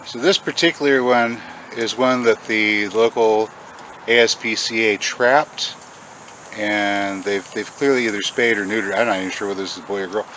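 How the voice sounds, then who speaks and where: Chatty male farm vlogger, slightly low, bright and forward voice, recorded outdoors on a camera mic. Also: fairly even intonation, moderate pace, slight background noise. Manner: chatty, talks in a high sing-song voice to cats and caterpillars. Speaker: farm channel host. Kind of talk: casual outdoor vlog.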